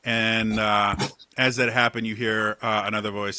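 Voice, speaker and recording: A man's voice: on the low side, flat delivery, normal speed, bright, forceful tone, no echo. A man narrating a tabletop game as game master, rambling with lots of fillers.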